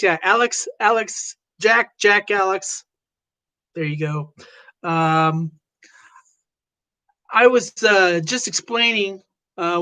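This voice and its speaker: A woman hosts a casual livestream and chats with viewers as they arrive, greeting each one by name. She talks very slowly and rambles along with plenty of fillers, at an ordinary pitch. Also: a bit bright. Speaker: livestream host.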